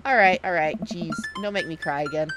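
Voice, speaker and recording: A woman's voice: fairly low pitch, fairly quick, loud music behind the voice, close to an everyday voice. A woman voicing a playful, sarcastic teenage girl who deflects with jokes. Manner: teasing, deflecting.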